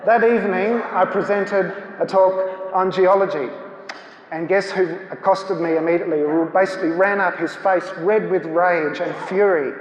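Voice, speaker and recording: A man's voice: sits high, steady tone, moderate pace, highs cut off. A man giving an anecdotal talk as guest speaker at a church seminar, acting out the dialogue as he tells it. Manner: storytelling, acts out dialogue. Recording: echoey hall.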